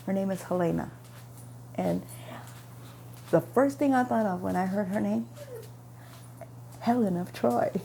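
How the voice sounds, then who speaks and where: Woman, vlogger, casual storytelling, very gravelly voice, dark tone, rambling and self-correcting. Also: mid-range voice, a little hiss or hum. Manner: rambling, backtracks and corrects herself mid-sentence. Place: at home with her dog nearby.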